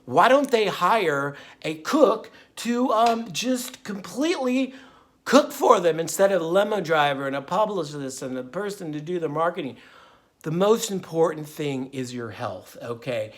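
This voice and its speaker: A man's voice: on the high side, expressive, a little slow, fairly bright tone. A man talking straight to his viewers in a rambling, casual monologue. His delivery is folksy and meandering, full of ums and restarts, and now and then he slips into a bit of song. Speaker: vlogger and diet channel host.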